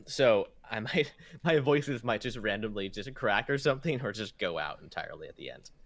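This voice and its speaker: A hoarse man losing his voice, narrating a tabletop game as game master in a soft, halting way. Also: mid-range voice, lively intonation, no room sound. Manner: soft-spoken, halting with fillers.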